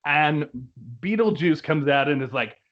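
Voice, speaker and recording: A man's voice: a little high, lively intonation, unhurried. A young man reviewing a musical in casual chat, laughing often and quoting lines in put-on voices. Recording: dull lo-fi recording.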